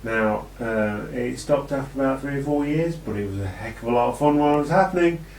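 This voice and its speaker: A man's voice: medium pitch, fairly quick, a little mellow, slight background noise. A British man casually reviewing an old wrestling event, rambling and joking with plenty of ums. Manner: rambling and jokey, with many ums. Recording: echoey room, distant from the mic.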